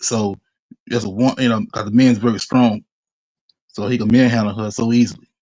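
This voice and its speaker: A man telling his story in a street interview, halting and repeating himself often. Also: on the low side, fairly even intonation, a little mellow, no room sound, lo-fi sound. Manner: halting, repetitive, many restarts.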